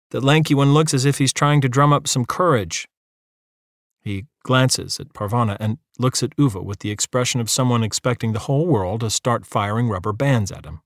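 Male narrator, mid-pitched, measured storytelling, dead-dry close mic. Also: no echo. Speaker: audiobook narrator. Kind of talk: scripted narration.

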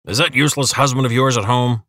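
Brief: man playing a blunt, growling old curmudgeon, mid pitch, dry close sound. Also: sing-song, fast talker, fairly bright tone, no echo. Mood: gruff. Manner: gruff and blunt. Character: grumpy, stubborn older man.

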